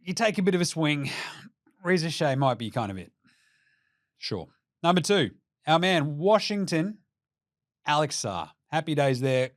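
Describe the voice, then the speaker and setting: An Australian man hosting a basketball show, ranting in an excitable, profane, comedic way and laughing between jokes. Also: on the high side, a little slow, pauses often, no room sound, clean studio sound. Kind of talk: comedic sports rant.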